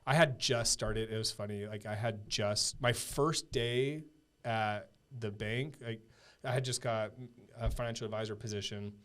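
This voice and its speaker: A man in his thirties with a fairly low voice, talking as a podcast guest. He tells his story casually and earnestly, stopping and restarting often, with plenty of fillers along the way. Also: steady tone, fairly bright tone. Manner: halting, filler-heavy, earnest.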